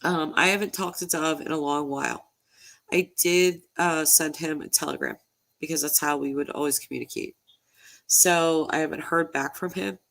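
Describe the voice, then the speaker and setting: A woman, a true crime YouTuber, talking casually on a livestream, halting and repeating words, emotional and slightly nasal from holding back tears. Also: low voice, fairly even intonation, vocal fry, a bit bright.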